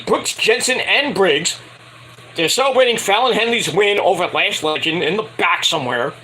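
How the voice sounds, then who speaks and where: A man's voice: high voice, sharp tone, slight background noise, rough recording. A man giving a casual, crude and opinionated wrestling review, swearing freely.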